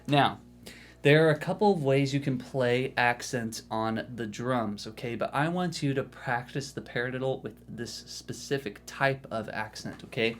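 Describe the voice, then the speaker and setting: A man's voice: mid-range voice, normal speed, over loud music. Casual male drum teacher explaining technique. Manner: casual, encouraging, repeats "okay?" to check in. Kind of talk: instructional video lesson.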